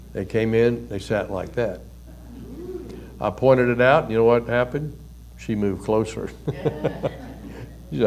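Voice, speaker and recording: An older man, a pastor and counselor, giving a conversational sermon with folksy stories and soft chuckles. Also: mid-range voice.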